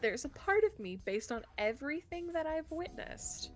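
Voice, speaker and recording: A woman streamer chatting casually while playing a story game, excitable and giggly, often rushing her words. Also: high-pitched, soft background music. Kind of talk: casual gameplay chat.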